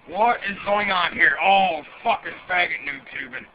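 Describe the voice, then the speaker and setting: A man's voice: high-pitched, normal speed, close to an everyday voice. A man doing a foul-mouthed redneck gamer. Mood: grumbling. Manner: cursing, grumbling running commentary while playing. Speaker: gamer character in a comedy skit. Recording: muffled lo-fi home recording with loud background noise.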